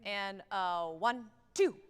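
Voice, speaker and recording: A woman's voice: medium pitch, slow, over loud music. A woman conductor coaching a wind band in rehearsal, upbeat and direct, counting off and singing out how notes should sound, recorded on a theatre stage. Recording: long theatre hall reverb from a livestream.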